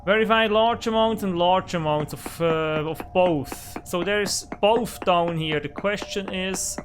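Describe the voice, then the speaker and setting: A man's voice: high-pitched, measured pace, soft background music. Frustrated man narrating a survival game. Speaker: gaming channel host. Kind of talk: let's play commentary. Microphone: desk microphone.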